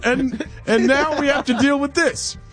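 A man's voice: extremely high pitch, steady tone, unhurried, fairly bright tone, faint music behind. Wry sports radio host, man. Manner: wry, incredulous commentary. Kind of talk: sports talk radio banter.

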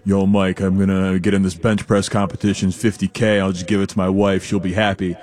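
A man on a sports talk show imitating a big male football lineman in a deep, mumbly voice, lower and slower than his own. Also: flat delivery, darkish tone, lightly acted. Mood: easygoing. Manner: slow, laid-back drawl.

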